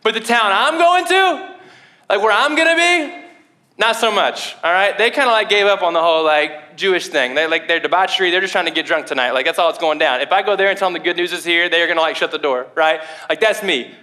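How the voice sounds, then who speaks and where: A young man preaching a sermon in a casual, animated way, full of fillers. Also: high voice, fairly quick. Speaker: pastor.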